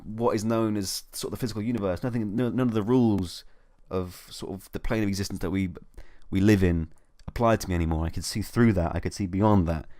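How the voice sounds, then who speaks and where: Young male co-host, very deep voice, dry rambling comic delivery, dead close mic. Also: a little fast, hardly any pauses, darkish tone, dry recording. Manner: dry, rambling, swears freely. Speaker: podcast co-host. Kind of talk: comedic casual chat.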